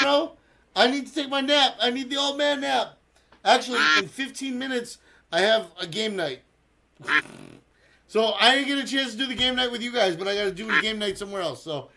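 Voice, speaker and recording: A man's voice: very high-pitched, brisk, creaky, a little hiss or hum. A man hosting a casual live stream, chatting with viewers and calling a duck race, swearing freely and quacking to cheer them on. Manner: quacks loudly to cheer races. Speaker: streamer hosting a community server.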